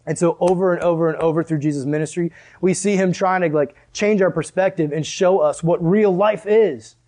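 Man, high voice, casual animated sermon, lots of "like". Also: brisk. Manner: casual, animated preaching with many "like"s. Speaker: pastor.

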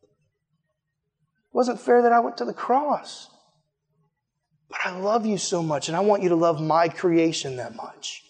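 A man voicing Jesus as gentle and loving, speaking softly and slowly. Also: sits high, big-room sound. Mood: tender.

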